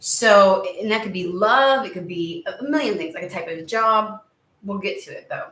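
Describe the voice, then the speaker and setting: A woman's voice: medium pitch, expressive, normal speed, fairly bright tone, far from the mic. Rambling woman reading tarot in an echoey room. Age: under 70. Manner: rambling, searching for words, many "like"s. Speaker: tarot reader. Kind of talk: casual spoken tarot reading.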